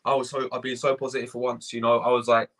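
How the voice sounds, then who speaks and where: A man's voice: medium pitch, flat delivery, quick pace, a bit bright. A young man hosting a fan live stream, ranting, swearing and repeating himself while greeting viewers from the chat. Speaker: fan channel host.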